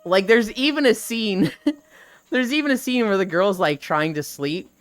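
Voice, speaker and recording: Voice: medium pitch, lively intonation, a little slow, fairly bright tone, no room sound. A streamer chatting casually and rambling with live viewers, laughing often and swearing freely. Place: outdoors walking.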